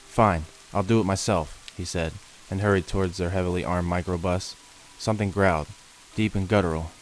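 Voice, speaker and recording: A man reading first-person creature horror stories as scripted narration, in a slow, measured, ominous manner. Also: low voice, a little hiss or hum, low-quality recording. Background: faint rain.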